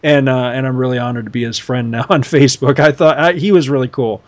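A man's voice: mid-range voice, fast. A man co-hosting a podcast in casual chat, rambling through stories with lots of fillers and asides. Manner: rambling, animated storytelling with many fillers. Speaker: podcast co-host.

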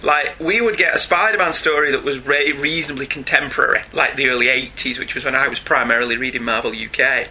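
A man's voice: medium pitch, pushed and bright, a little hiss or hum. A middle-aged British man co-hosting a podcast, reading out listener emails in a chatty manner with frequent laughs. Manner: chatty, slows down and laughs often. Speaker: podcast co-host.

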